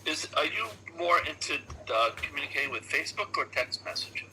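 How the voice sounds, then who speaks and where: A man as a guest on a casual live chat, talking in a thoughtful, measured way. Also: on the high side, lively intonation, a loud crowd, low-quality recording.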